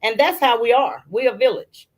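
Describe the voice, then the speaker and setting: A middle-aged woman with a slightly high voice speaks at a moderate pace as an interview guest. She tells family stories casually and animatedly, acting out her relatives' voices.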